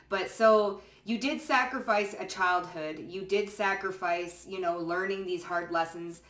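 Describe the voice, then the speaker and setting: A woman reads tarot cards in a loose, conversational way, dropping casual swears and checking in with her listeners. Her voice sits fairly low. She is heard a little away from the mic in a roomy, echoing space. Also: fairly bright tone, distant mic. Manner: chatty, swears casually, frequent "okay?" and "you know what I'm saying?". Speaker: tarot card reader. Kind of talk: casual pick-a-card tarot reading.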